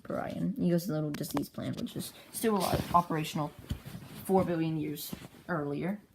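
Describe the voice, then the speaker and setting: Speaking into an iPad fitted with a pop socket, a woman casually narrates her own comic in a low, creaky voice at a moderate pace. She rambles and chats, poking fun at herself, while the background stays noisy.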